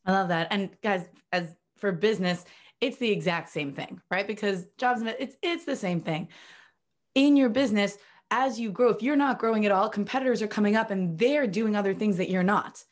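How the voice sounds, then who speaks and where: A woman's voice: medium pitch, moderate pace. A woman hosts a podcast interview in an eager, chatty way, often turning to speak straight to her audience. Her voice sits in a middle range. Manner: enthusiastic, addresses listeners directly. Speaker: podcast host. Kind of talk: casual interview talk.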